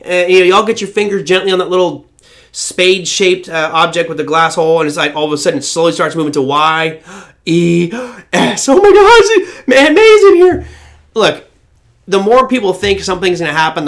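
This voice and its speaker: A man hosting a live-stream market show, chatting casually with viewers and telling animated stories. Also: a little high. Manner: animated storyteller who breaks into impressions. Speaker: trading show host.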